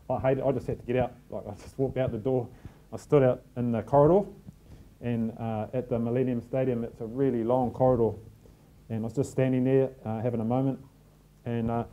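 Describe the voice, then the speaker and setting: Speaking to a crowded function room, a middle-aged team manager with a New Zealand accent shares stories and pokes fun at himself. His voice is medium-pitched with a dark tone.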